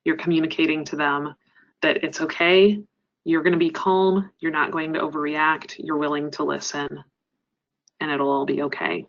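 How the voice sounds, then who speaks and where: A woman trainer giving a webinar presentation, explaining earnestly and often pausing with "um". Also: low voice, flat delivery, muffled recording. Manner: earnest, explanatory, frequent ums. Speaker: crisis center trainer.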